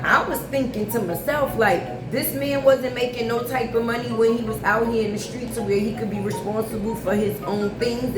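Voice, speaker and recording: A woman's voice: on the high side, background noise. A woman hosting a gossip channel, chatting in a slangy way and thinking aloud. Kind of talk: casual gossip commentary. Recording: echoey room with music behind.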